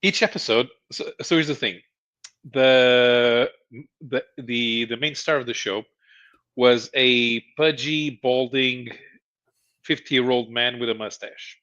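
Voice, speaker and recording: A man chatting casually on a comic book stream, his voice bright and forceful. He stumbles and restarts often, laughing between thoughts. The audio is dull and lo-fi. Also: medium pitch. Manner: halting, many restarts and chuckles while explaining. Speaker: podcast co-host. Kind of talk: casual chat.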